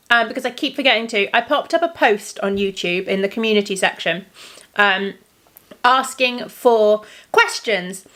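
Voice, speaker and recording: A woman's voice: on the high side, a bit bright. A woman vlogger chatting casually to camera in the evening, with lots of ums. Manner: chatty, many ums, laughs often.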